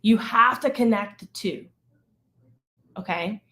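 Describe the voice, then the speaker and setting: A woman's voice: medium pitch, takes it slowly, fairly bright tone. A woman in her thirties, a business coach teaching on a live stream, emphatic and checking in with "okay?" and "right?".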